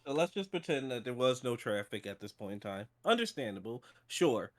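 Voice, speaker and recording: A man co-hosting a streamed book discussion, talking in a casual, sarcastic, animated way and swearing freely. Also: mid-range voice, brisk. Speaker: book club podcast co-host. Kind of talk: casual chat. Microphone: streaming setup.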